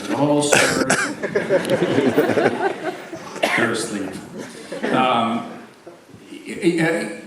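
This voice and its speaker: A convention guest actor with a mid-range voice tells self-deprecating stories while fielding audience questions, laughing often. The audio comes from an echoey convention hall, recorded far from the mic against a noisy crowd background.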